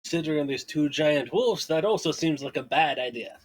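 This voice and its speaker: An Irish man with a slightly high voice banters through a tabletop session. He is blunt and sarcastic and swears casually. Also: lively intonation, moderate pace, slightly rough. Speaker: player.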